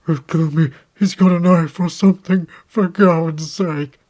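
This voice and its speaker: A man's voice: a little high, fairly even intonation, a little slow, darkish tone, voice pushed up, close to an everyday voice. A man reading an audiobook, voicing a terrified male tramp who shrieks and pleads frantically.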